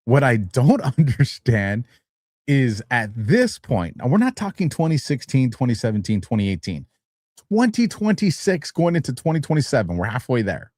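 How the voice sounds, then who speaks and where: A man's voice: mid-range voice, sing-song, normal speed, no echo, clean studio sound. A tired man hosting a live-streamed talk show, rambling casually with frequent chuckles and getting heated when he argues a point. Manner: rambling, chuckles between phrases, grows heated and louder when arguing. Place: studio.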